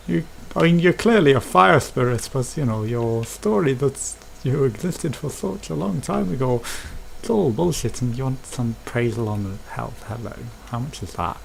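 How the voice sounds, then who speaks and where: A man's voice: medium pitch, big pitch swings, normal speed, creaky, slight background noise, low-quality recording. A man with a Birmingham accent giving chatty, rambling commentary while playing a video game. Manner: rambling, chatty, thinking aloud. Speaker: let's play host. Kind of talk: casual gameplay commentary.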